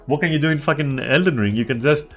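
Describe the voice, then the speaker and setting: A man's voice: a little high, quick pace, faint music behind. A man on a game stream, ranting in casual chat, swearing a lot and restarting his sentences.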